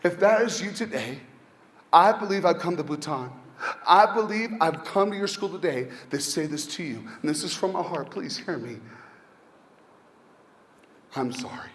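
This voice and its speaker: A man giving a motivational talk to a school assembly, telling stories dramatically and swinging between loud and hushed. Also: high voice, animated, normal speed. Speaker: motivational speaker. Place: large school hall. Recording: echoey hall, faint ambience.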